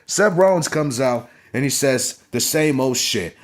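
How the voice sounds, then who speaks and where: A man's voice: mid-range voice, animated, a little slow, few pauses. A young man reviewing a wrestling show in a blunt, profane casual rant, often asking "you understand?".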